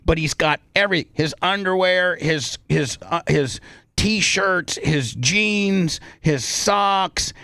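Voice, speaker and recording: A man's voice: high-pitched, slow, creaky, no echo. A male radio show host telling a story in a casual way, putting on the voices of the people in it. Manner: animated, acts out other people's voices in his story.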